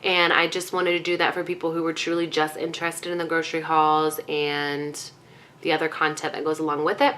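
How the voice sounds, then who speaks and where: A woman's voice: sits low, monotone, fairly quick, fairly bright tone, a little hiss or hum. A young woman vlogging casually to her viewers, chatty with lots of ums, a little out of breath. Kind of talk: casual chat to camera.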